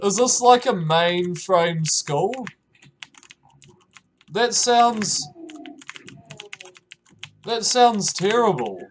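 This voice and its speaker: Young new zealand man, high voice, slow easygoing chat, faint keyboard clicks behind. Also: expressive, a little hiss or hum. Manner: laughs often, stumbling restarts, reacts with sudden high exclamations. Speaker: streamer. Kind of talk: casual chat reading chat messages aloud.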